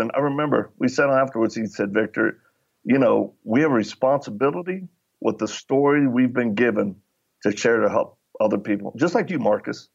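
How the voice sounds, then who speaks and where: A man's voice: medium pitch, gravelly, dull audio. A middle-aged man, a podcast guest, telling anecdotes in casual conversation and acting out the dialogue as he goes. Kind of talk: conversational storytelling.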